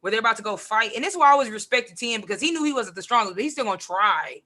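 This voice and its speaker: A woman with a fairly high voice races through a casual podcast chat as a guest; she's a comic writer and poet. She's animated, says "like" constantly, and acts out quotes as she talks.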